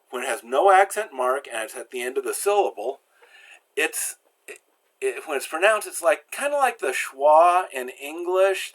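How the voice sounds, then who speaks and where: A man explains pronunciation at a very unhurried pace. His pitch sits in a middle range, and he often pauses, says "uh" and restarts as he works through each example. He sounds patient and methodical, like a teacher going through a lesson step by step. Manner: slow and patient, with frequent fillers and restarts. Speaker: language teacher.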